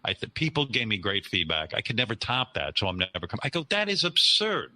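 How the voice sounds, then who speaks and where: A man's voice: lowish voice, huge pitch swings, quick pace, bright, forceful tone, heavily acted. A man doing an impression of a famous radio host, telling stories in a whiny, self-absorbed way.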